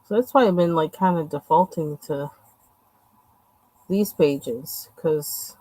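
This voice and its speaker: A woman's voice: deep voice, slow, long pauses, dark tone, no room sound, rough recording. A woman chatting casually and rambling with lots of fillers while she colors on a livestream. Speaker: livestream host.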